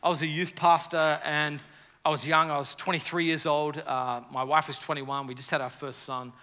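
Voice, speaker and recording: Man, preacher, sermon, lively storyteller, bright forceful voice, long hall reverb. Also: a little high, moderate pace. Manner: lively, storytelling, jokes with audience.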